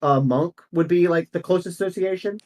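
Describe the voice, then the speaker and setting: A man's voice: high voice, fairly quick, darkish tone. A man running a tabletop game as game master, chatty and laughing.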